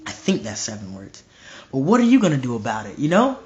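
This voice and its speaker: A man's voice: medium pitch, wildly swooping pitch, a little fast, a little mellow, dull audio. A young man preaching informally to a live stream, emphatic and repetitive, often restarting his phrases.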